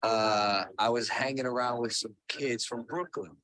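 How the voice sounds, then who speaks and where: A man's voice: medium pitch, fairly even intonation, a little slow, sharp tone, no echo. A man hosting a podcast, chatting loosely and profanely, poking fun at himself. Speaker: podcast host. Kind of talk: casual podcast chat.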